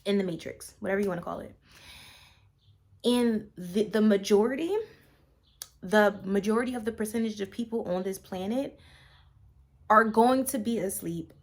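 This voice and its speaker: A woman's voice: medium pitch, normal speed, long pauses. A woman talking casually to her vlog audience, musing in a meandering, reflective way with fillers. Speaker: vlogger. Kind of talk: casual spiritual vlog talk.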